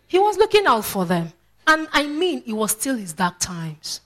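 A woman's voice: high-pitched, big pitch swings, normal speed, fairly bright tone. A woman preacher, delivering a sermon with fervent praise exclamations and questions to the congregation.

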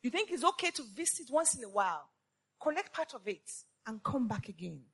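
A woman delivers an impassioned sermon, pressing her listeners with repeated rhetorical questions. Her voice sits high and carries a breathy, husky edge. Her pitch leaps and falls dramatically as she builds to shouted lines. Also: sing-song, a little fast. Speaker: preacher addressing women.

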